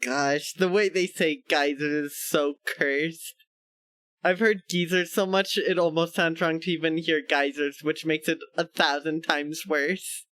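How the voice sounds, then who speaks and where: A man's voice: a little high, fairly even intonation, measured pace, a bit bright, no room sound. A male streamer chatting casually with his viewers, laughing often and poking fun at himself. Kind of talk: casual live-stream chat.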